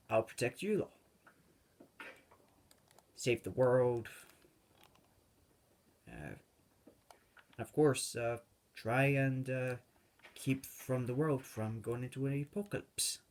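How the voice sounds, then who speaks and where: A man's voice: medium pitch, expressive, slow pace, pauses often. A young man hosting a gaming video, rambling off on tangents with many fillers. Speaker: gaming channel host. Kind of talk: rambling let's-play commentary.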